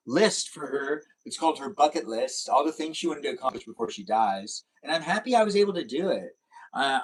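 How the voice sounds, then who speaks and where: Playful young man streaming, goofy and chatty. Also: fairly high pitch. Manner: playful, silly, breaks into goofy noises and sing-song bits. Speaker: live streamer. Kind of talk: casual live-stream gaming chatter.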